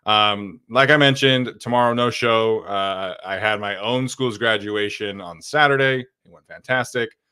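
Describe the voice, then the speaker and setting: Bright, crisp-voiced male podcast host. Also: on the low side, unhurried, few pauses. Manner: energetic, chatty, many fillers. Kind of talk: casual podcast chat.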